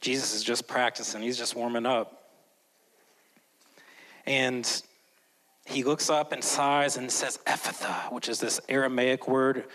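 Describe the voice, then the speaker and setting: A man preaching a sermon as a pastor, swinging between loud, emphatic lines and hushed, slow ones. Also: mid-range voice, level tone, poor audio. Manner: slows down and whispers for emphasis.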